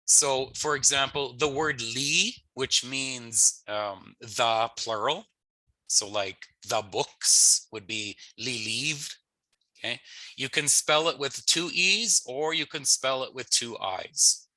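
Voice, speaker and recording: A man with a Canadian English accent teaching a pronunciation lesson in a relaxed, explanatory way, sometimes laughing at himself. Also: medium pitch, slow pace, no room sound. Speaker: language teacher.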